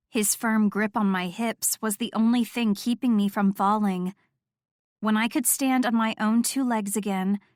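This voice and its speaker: A woman reading first-person audiobook narration with steady, intimate storytelling. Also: medium pitch, no room sound, studio quality.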